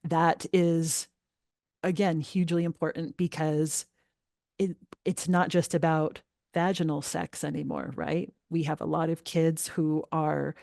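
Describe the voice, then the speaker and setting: A middle-aged woman speaks as a guest in a parenting interview, earnest and emphatic, her voice sitting low. The sound is dry and close, with no room around it. She grows animated when something bothers her. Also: vocal fry, no echo. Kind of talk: podcast interview.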